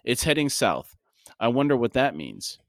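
Guy reading as a tired gruff army healer, mutters low, dry sound. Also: very animated, normal speed, fairly bright tone, dry recording.

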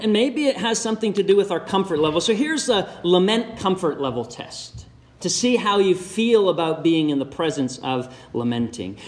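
A man preaching a sermon, measured and direct, putting one question after another to his congregation. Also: high-pitched.

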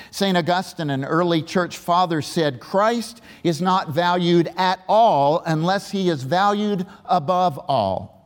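A male pastor, preaching a sermon and telling a story, with emphatic questions to the congregation. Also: sits high. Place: large church sanctuary. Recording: reverberant church hall.

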